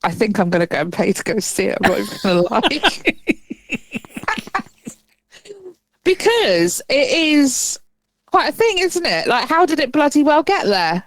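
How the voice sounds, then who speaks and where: A woman co-hosting a podcast in casual chat, animated and swearing freely. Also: sits high, measured pace, long pauses, no echo. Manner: chatty, animated, swears freely and laughs often. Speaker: podcast co-host.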